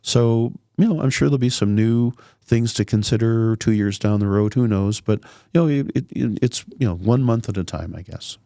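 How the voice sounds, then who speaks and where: A middle-aged man with a dry, raspy voice, a city councillor chatting casually and joking on a podcast. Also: on the low side, moderate pace, few pauses, mellow, no room sound. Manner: easygoing, joking, talks in loose rambling phrases.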